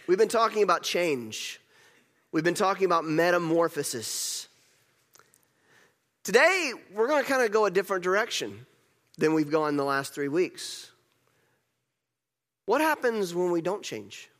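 A male pastor gives a conversational sermon and piles up repeated rhetorical questions. His voice is on the high side for a man. The sound carries a long church-hall echo. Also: sing-song, measured pace, pauses often, a bit bright.

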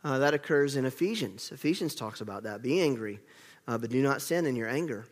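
A man's voice: medium pitch, animated, a little fast, big-room sound. A man preaching a sermon as a pastor, earnest and conversational, often restarting his sentences.

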